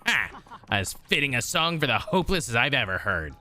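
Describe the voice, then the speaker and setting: A man's voice: medium pitch, very animated, brisk, sharp tone, faint music behind. A man voicing a cruel, haughty feudal lord, reading game dialogue in a pompous, contemptuous way. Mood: sneering.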